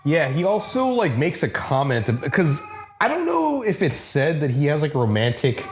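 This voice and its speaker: A man's voice: fairly high pitch, normal speed, faint music behind. Laid-back male co-host, hedging asides. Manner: relaxed, chatty, with hedging asides. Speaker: podcast co-host. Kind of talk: casual review chat.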